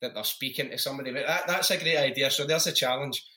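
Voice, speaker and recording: A Scottish man hosting a podcast, telling prank stories in a casual, lively way, swearing freely. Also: mid-range voice, fast. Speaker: podcast host. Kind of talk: casual chat, storytelling.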